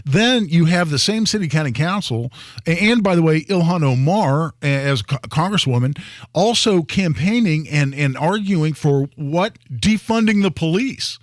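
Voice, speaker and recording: Earnest male radio co-host, halting restarts. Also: a little high, expressive, dry recording, clean studio sound. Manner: earnest, with many restarts and repeated words. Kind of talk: talk radio political discussion. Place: radio studio. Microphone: studio microphone.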